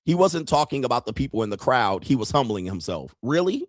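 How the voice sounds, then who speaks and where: Casting: male streamer, mid-pitched, mocking and animated reaction commentary, dry close sound. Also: brisk, no room sound. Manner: mocking, animated, laughs often.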